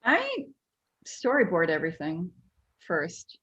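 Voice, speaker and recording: A woman cartoonist and author telling stories as an interview guest, animated and chatty. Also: on the low side, takes it slowly, husky, dull audio. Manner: animated storyteller, lots of "like". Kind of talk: casual interview chat.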